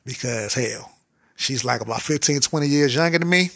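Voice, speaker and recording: Casual comedy host, husky male voice, loose rambling joke delivery. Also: mid-range voice, normal speed, a bit bright. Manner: loose, rambling, laughs at own jokes.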